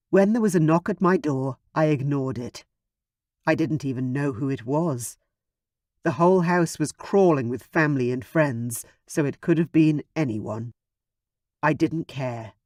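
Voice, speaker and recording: A man narrating a first-person paranormal romance audiobook in a slow, steady way. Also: a little high, dry recording, clean studio sound.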